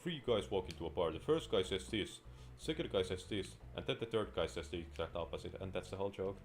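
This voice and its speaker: Deep-voiced young guy chatting while he plays, jokey asides, faint music under him. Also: lively intonation, quick pace. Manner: rambling, self-mocking, jokey asides. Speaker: gameplay commentator. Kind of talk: casual gameplay commentary.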